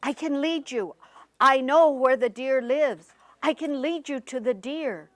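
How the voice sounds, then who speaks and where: A woman storyteller voicing a poor male farmer who speaks eagerly and excitedly. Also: sits high, a little slow, dry recording, voice pushed up.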